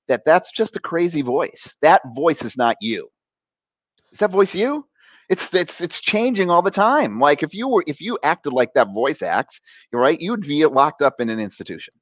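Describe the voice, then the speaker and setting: Animated man, dry close sound. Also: fairly high pitch, moderate pace, no room sound. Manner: animated, acts out quoted voices. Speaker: coach, interview guest. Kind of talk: conversational interview.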